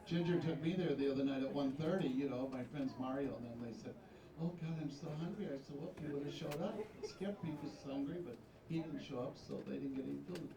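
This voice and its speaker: A man's voice: mid-range voice, fast. A man hosting a pageant on stage, bantering and teasing the audience and contestants between questions. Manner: chatty, teasing, jokey asides to the crowd. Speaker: pageant host. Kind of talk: live stage emcee banter. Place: large hall with live audience. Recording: echoey hall, distant mic, crowd noise.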